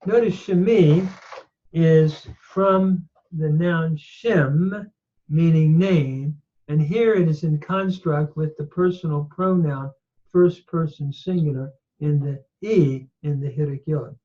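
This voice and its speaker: A man teaches Bible Hebrew in a slow, careful lecture, his voice sitting a little high for a man. He lays out each word and its grammar one piece at a time. The recording sounds dull and lo-fi. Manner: reads Hebrew words slowly and spells out each grammatical form.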